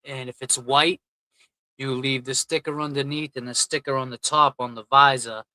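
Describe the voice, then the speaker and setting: A man's voice: mid-range voice, fairly even intonation, normal speed, pushed and bright, no echo, poor audio. A man hosting a casual livestream, reading out and thanking chat donors in a loose, chatty way. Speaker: livestream host.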